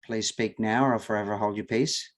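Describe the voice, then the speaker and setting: A man's voice: on the low side, steady tone, normal speed. A man with a nasal Australian accent, chairing an online working group meeting in a friendly, chatty way full of fillers. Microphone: video call.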